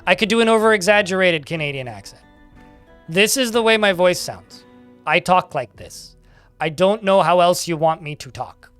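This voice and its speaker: Young male streamer, chatty and dry, a touch sarcastic, slightly high clean voice over faint music. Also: animated, moderate pace, fairly bright tone, clean tone, no room sound. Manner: dry, sarcastic-sounding delivery. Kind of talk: casual livestream chat while gaming.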